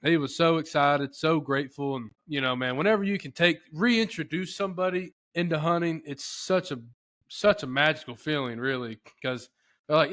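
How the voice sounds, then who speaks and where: A man hosting a podcast, telling a story in a casual, rambling, animated way with lots of filler talk. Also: on the high side. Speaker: podcast host.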